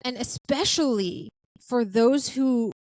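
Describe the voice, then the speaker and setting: A woman's voice: on the high side, slow pace, a little mellow, no echo, poor audio. A woman hosting a podcast interview, talking in a chatty way with many fillers and restarts. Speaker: podcast host. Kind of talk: casual interview chat.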